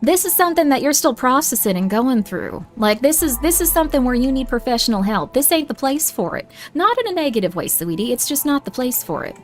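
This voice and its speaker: A young woman chats on a livestream in a bright, fairly high voice, slipping into a playful mock-southern drawl. She talks motherly and direct, calling viewers honey. Faint game music plays under her desk mic. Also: big pitch swings, fairly quick, few pauses. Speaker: streamer. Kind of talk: casual livestream chat.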